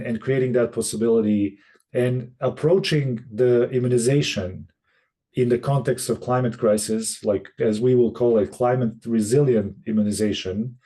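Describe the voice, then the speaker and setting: Halting man presenting on a video call. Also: mid-range voice, mellow. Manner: halting, many restarts and fillers. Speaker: session facilitator. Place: room in Boston.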